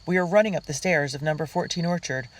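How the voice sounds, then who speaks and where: A reader narrating a diary storybook in a girl's first-person voice, earnest and unhurried. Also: on the high side, low-quality recording. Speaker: audiobook reader.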